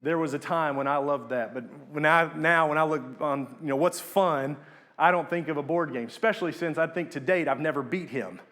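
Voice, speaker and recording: A young man preaching a sermon in an earnest manner, rising to emphatic peaks and dropping low on key words. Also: a little fast, fairly bright tone.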